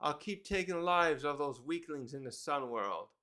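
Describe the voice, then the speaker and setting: A man's voice: fairly high pitch, expressive, moderate pace, bright, forceful tone. A man reading a scheming male giant villain's threats aloud in a mocking tone, as a manga reviewer. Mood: taunting.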